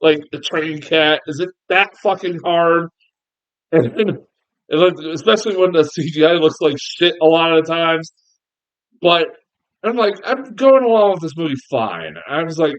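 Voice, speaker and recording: A man with a high voice rants through a casual review, swearing freely and breaking into laughs. The recording sounds a little dull and lo-fi. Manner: exasperated, swearing, laughing often. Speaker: film reviewer.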